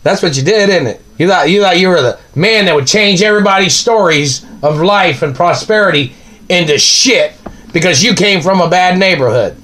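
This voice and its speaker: A man's voice: high-pitched, moderate pace, bright, forceful tone. A man delivering an angry, accusing monologue, ranting and firing off repeated questions.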